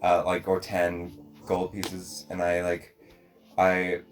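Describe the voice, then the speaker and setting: A man's voice: deep voice, monotone, takes it slowly, faint music behind. A man playing a tabletop role-playing game, describing his character's actions in a hesitant way with many fillers. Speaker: player.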